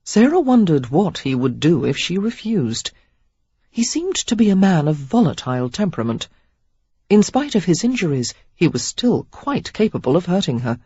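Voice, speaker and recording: A woman reads a novel aloud with a lively, expressive pitch and a husky, breathy grain. The sound is dry and close, with a slightly dull, muffled top end. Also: moderate pace, dry recording. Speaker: audiobook narrator. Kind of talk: scripted narration of a romance novel.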